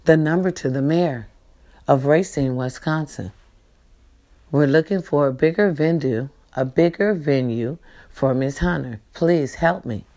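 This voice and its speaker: A woman's voice: deep voice, unhurried. Pleading woman with a drawl. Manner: emotional, pleading, repetitive, swinging from hushed to loud. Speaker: granddaughter making a public appeal. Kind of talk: pleading direct-to-camera appeal.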